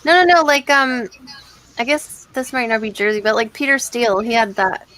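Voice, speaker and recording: A woman in a casual online group chat, giggly and excitable, quick to apologize. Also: a little high, rough recording. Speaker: panelist.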